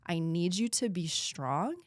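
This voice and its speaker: A woman in her thirties from the United States, a podcast guest telling a painful personal story in an earnest voice that sometimes drops to a hushed whisper. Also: lowish voice, animated, a little slow, no echo, clean studio sound.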